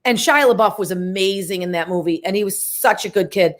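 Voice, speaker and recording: A middle-aged actress, a woman, chatting as an interview guest and telling lively stories. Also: mid-range voice, a little fast. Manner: lively storytelling, acts out quoted voices. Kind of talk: interview conversation.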